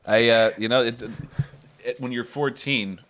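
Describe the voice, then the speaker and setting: A man's voice: medium pitch, steady tone, unhurried, fairly bright tone, slight background noise. A man co-hosting a podcast, asking questions and throwing in jokes in casual chat. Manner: joking interjections, asks questions.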